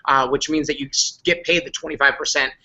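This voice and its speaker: A man giving an upbeat business presentation, excited and repetitive, his voice worn and going hoarse. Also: fairly high pitch, fairly quick, highs cut off. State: losing his voice. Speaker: company leader on a recap call.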